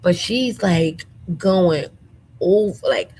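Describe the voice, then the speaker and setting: A woman hosting a casual commentary show from her room at home, sassy and animated with lots of slang, a little under the weather. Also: lowish voice, unhurried, a little hiss or hum, low-quality recording. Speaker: commentary channel host.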